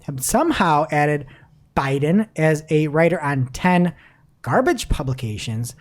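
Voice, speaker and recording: A woman hosting a casual news podcast, her voice sitting on the lower side. Her pitch swings widely as she chats, and she often breaks into laughter while reading quotes aloud. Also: animated, unhurried. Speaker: podcast co-host.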